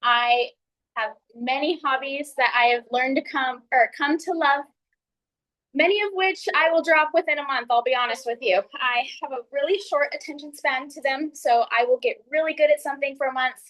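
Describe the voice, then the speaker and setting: High-voiced Texan woman giving a speech. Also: moderate pace, fairly bright tone, low-quality recording. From San Antonio, Texas. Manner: friendly, earnest, laughs between points. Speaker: Toastmasters speaker. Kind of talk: ice-breaker speech.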